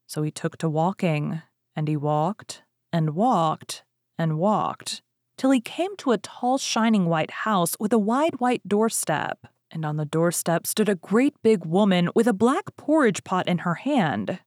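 A woman reading a fairy tale aloud as a storyteller, lively and expressive. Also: mid-range voice, no echo, studio quality.

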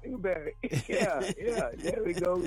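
A man calling into a radio show, ranting loudly with stammers and curses. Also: sits high, lively intonation, unhurried, breathy edge. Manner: loud, stammering, cursing rant. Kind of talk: profane comic rant. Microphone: phone call. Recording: phone line with music behind.

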